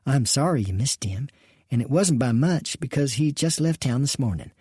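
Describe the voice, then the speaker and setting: Man playing a gentle saloon co-owner woman, soft mellow tone, husky, storybook western. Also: medium pitch, expressive, normal speed, no echo, clean studio sound. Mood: gracious. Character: gracious woman saloon partner.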